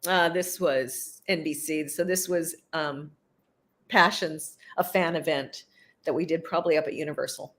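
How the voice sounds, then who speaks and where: Chatty woman telling lively showbiz stories. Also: low-pitched, moderate pace. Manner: chatty, animated storyteller who laughs often. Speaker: actress guest. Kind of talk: casual interview chat.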